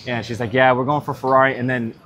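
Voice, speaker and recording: A man's voice: medium pitch, level tone, fast, fairly bright tone, highs cut off. A young man chatting casually in a pub on a live stream, joking and swearing a lot. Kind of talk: casual chat. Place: Irish pub.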